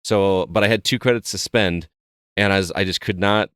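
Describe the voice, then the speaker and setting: A podcast co-host rambles through a story in casual chat, often restarting his sentences. His deep voice is steady, clear, resonant and fairly bright, at a moderate pace. The studio sound is clean, with no echo.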